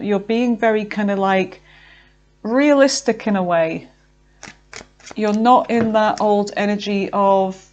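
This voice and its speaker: A woman giving a casual tarot reading, chatty and filled with fillers, talking to herself as she pulls cards and sometimes slowing down to draw out her words. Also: medium pitch, darkish tone. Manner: chatty, with frequent fillers and self-talk. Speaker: tarot reader.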